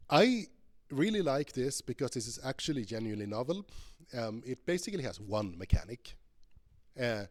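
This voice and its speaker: A man giving a conference keynote as a professor, chatty and playful, thinking aloud with many ums and restarts while he demos a game. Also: mid-range voice. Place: conference stage.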